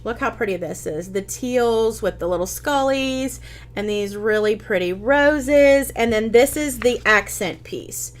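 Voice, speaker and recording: A chatty woman with a fairly high voice hosts a casual craft live stream, speaking a little slowly. She answers viewer comments as she teaches, often saying "um" and restarting her sentences.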